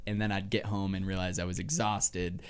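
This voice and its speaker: A man's voice: low voice, a little fast, heavy background noise. Laughing young man telling comedy bits. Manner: animated, laughs often, jumps into silly voices mid-story. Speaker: podcast co-host. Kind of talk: casual comedy chat.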